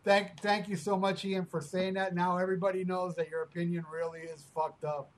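A man's voice: sits high, flat delivery, brisk, noisy background. A man hosting a podcast, teasing his co-host crudely and rambling with lots of fillers. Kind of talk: casual podcast banter.

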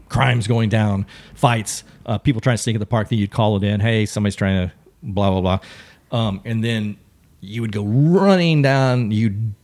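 A middle-aged Texan man, a podcast guest, telling stories casually and acting out quotes. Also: fairly low pitch. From Texas. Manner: animated storyteller, acts out quotes. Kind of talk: casual storytelling.

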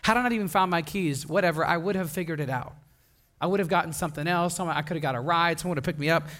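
Rapid-fire delivery and a voice on the high side mark this young Wisconsin pastor's casual sermon. He fills it with stories, laughing along and acting out the voices of the people in them with animation.

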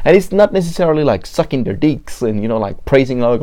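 Mexican-accented man, dark mellow tone. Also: medium pitch, big pitch swings, fast talker, hardly any pauses. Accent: Mexican Spanish. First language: Spanish. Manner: profane, repetitive restarts, acts out quoted people. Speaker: podcast host. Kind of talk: casual monologue.

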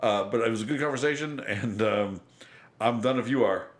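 A man in the middle pitch range co-hosts a podcast. He talks loosely and swears freely. He keeps breaking into laughs. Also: normal speed. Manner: profane, laughs often. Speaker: podcast co-host. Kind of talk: casual chat.

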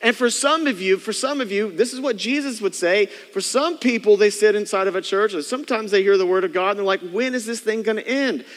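A man with a high voice preaches to his congregation in a loose, conversational way. He keeps dropping into playful impressions of bored or eager churchgoers. His words ring out with the long reverb of a large church. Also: fairly quick, few pauses, a bit bright. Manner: conversational preaching, mimics churchgoers' inner thoughts. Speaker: pastor. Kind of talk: sermon.

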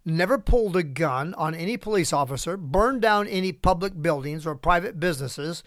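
Middle-aged man, fairly high voice, podcast host, opinion monologue, chuckling asides. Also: animated, normal speed, no echo, clean studio sound. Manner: reads prepared remarks with asides and chuckles.

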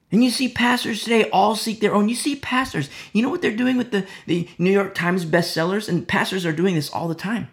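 A man's voice: sits high, a little fast, hardly any pauses, fairly bright tone. A man preaching a conversational Bible teaching, repeating phrases and dropping to near-whispers for emphasis, acting out little mock dialogues. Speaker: pastor.

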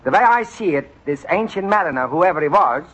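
An actor playing a courteous, earnest adult student in a 1940s radio sitcom. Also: male voice, high voice, lively intonation, fairly quick, a bit bright, husky, heavily acted. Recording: muffled old radio broadcast.

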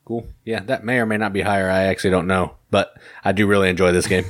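A man with a fairly low voice chats easily as co-host, agreeable and unhurried. The sound is dry and close. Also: fairly even intonation, no echo. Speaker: podcast co-host. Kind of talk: casual chat.

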